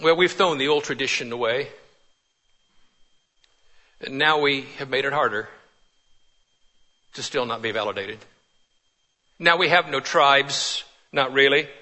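A man preaching a sermon with passion, swinging from urgent pleading to hushed, quiet lines. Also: medium pitch, measured pace, long pauses. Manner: impassioned, swings from loud pleading to hushed near-whispers.

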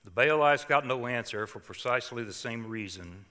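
Older male pastor, dramatic sermon delivery, bright tone in a reverberant hall. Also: medium pitch, lively intonation, moderate pace. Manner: dramatic scripture reading, swings from hushed to loud.

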